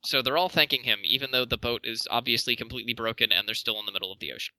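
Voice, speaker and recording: A man's voice: medium pitch, rapid-fire, bright, forceful tone, rough recording. A man co-hosting a casual chat, explaining plot details with frequent fillers. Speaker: podcast co-host.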